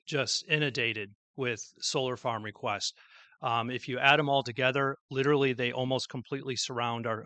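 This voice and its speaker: A man's voice: mid-range voice, sharp tone, no room sound. A man giving a formal public address as mayor, telling a story with small slips. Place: public event with an audience.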